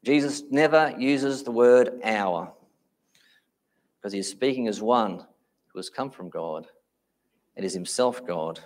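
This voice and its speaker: Male preacher, sermon delivery, emphatic, drags out key words, mid-range voice. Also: mid-range voice. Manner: emphatic, slows down on key phrases.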